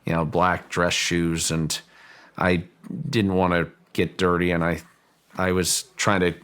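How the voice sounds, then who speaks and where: Deep-voiced man telling a story haltingly. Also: fairly bright tone. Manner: halting, repeats words while thinking. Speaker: property owner telling a story. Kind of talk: recounted personal story, interview-style.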